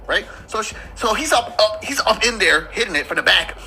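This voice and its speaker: A man doing stand-up storytelling, animated and laughing as he mock-pleads through his bit. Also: high-pitched, a little fast, creaky, soft background music. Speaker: comedian.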